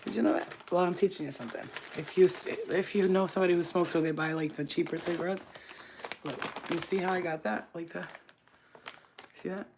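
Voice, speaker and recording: A woman with a deep voice, a spiritual reader, ranting bluntly and with plenty of swearing in a casual vlog. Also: fairly even intonation, a little fast, noisy background. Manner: blunt, profane, emphatic. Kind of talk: casual to-camera vlog rant. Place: at home, smoking on camera.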